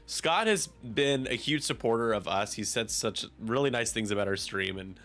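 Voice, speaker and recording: A man's voice: medium pitch, animated, normal speed, a bit bright. A man casually commentating a tabletop game on a stream, chatty and rambling, often restarting his sentences.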